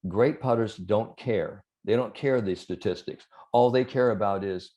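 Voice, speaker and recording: Mellow-voiced man, sports psychologist guest. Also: fairly low pitch, unhurried, lo-fi sound. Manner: animated storyteller, many "you know" fillers. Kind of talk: conversational interview.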